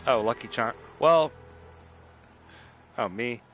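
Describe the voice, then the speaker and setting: A man's voice: mid-range voice, slow pace, fairly bright tone, muffled recording. A man streaming a video game, chatting casually in a rambling, profane way and often cutting himself off, a little tipsy from drinking. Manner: rambling, profane, self-interrupting. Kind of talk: casual gameplay commentary.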